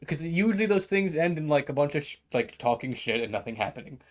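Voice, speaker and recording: Co-hosting a casual podcast, a man tells a story full of laughter and acted-out quotes. His voice is fairly high, and he talks fast.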